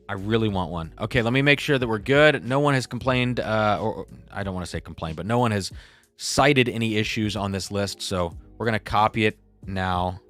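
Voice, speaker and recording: A man's voice: on the low side, fairly bright tone. A young man hosting a casual live stream, chatty and reading viewer comments aloud. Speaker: livestream host.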